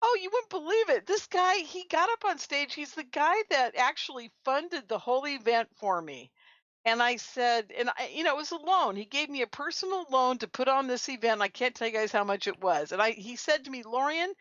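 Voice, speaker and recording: A woman guest on a radio talk show, telling lively stories and laughing often. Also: sits high, dry recording. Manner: animated storyteller, laughs often. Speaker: guest, conference organizer. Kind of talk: casual radio chat. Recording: muffled lo-fi audio.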